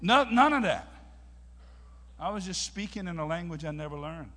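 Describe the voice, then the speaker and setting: A man's voice: high voice, moderate pace. Preacher man in a reverberant hall. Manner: folksy storytelling, preachy and animated. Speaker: pastor. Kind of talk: sermon. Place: church sanctuary.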